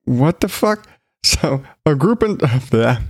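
A man's voice: mid-range voice, big pitch swings, takes it slowly, slightly rough, dry recording, studio quality. Sarcastic man riffing on odd news. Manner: sarcastic, swearing, laughing often. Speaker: solo show host. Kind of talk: casual news commentary.

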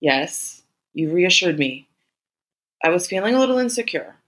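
A woman voicing a steady, caring man who speaks quietly and gently in a read-aloud story. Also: lowish voice, moderate pace, voice pushed up.

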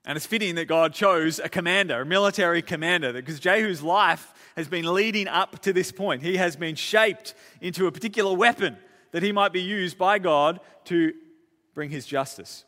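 Male pastor, fairly high, bright, casual storytelling sermon, big hall reverb. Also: moderate pace. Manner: lively storytelling, casual asides, frequent repeats. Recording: long church-hall reverb.

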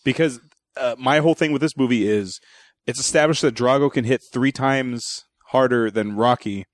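A man's voice: mid-range voice, normal speed, no room sound, studio quality. A man co-hosting a movie review podcast, steering the talk in casual chat and acting out movie quotes. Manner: steers the discussion, acts out quotes. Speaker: podcast co-host.

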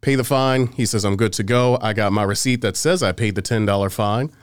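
Smooth-voiced man telling a story. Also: fairly low pitch, brisk, dry recording, studio quality. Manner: animated, acts out quoted exchanges, swears freely. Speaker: podcast co-host telling a story. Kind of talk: casual storytelling chat.

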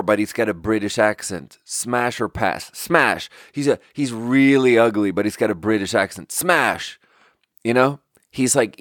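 A man's voice: on the low side, dry recording, studio quality. A young man from Sweden telling a rambling, exasperated story in casual podcast chat and swearing freely. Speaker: podcast host.

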